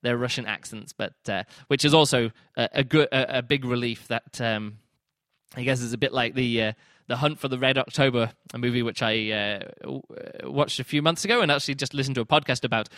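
A man's voice: mid-range voice, brisk, a bit bright, no room sound, studio quality. A man hosting a podcast, giving a casual spoken book review and acting out his own reactions in quoted asides. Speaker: podcast host reviewing books.

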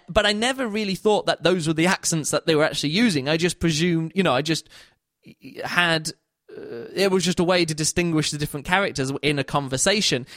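A man's voice: a little high, a bit bright, dry recording, clean studio sound. A man giving a casual spoken book review, rambling and often correcting himself mid-sentence. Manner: rambling, self-correcting, many restarts.

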